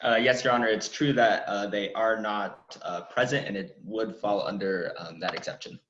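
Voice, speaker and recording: A man's voice: lowish voice, moderate pace, a bit bright, slight background noise. A man acting as counsel in a mock trial over a video call, speaking hesitantly with many fillers. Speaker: defense counsel. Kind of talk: courtroom cross-examination. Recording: roomy, dull video-call audio.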